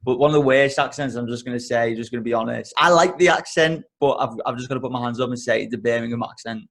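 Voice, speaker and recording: Brief: young English male co-host, easygoing podcast banter, relaxed and jokey. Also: medium pitch, fast talker. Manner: laid-back, laughs often, swears casually. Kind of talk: casual podcast chat.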